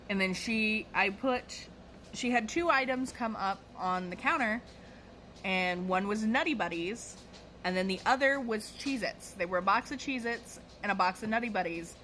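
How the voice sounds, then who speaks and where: A woman telling a casual storytime monologue about her cashier job, animated and profane. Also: medium pitch, normal speed, a little hiss or hum, low-quality recording.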